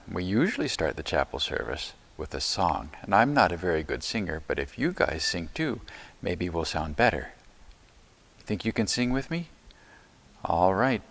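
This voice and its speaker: A man serving as chaplain, talking gently and encouragingly to preschool children inside a church, using simple words. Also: low voice, creaky. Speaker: chaplain leading children's chapel.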